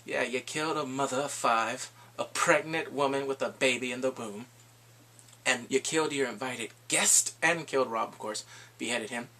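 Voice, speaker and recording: A man voicing a gloating old male lord giving a slow, mocking toast at a feast. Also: medium pitch, pushed and bright.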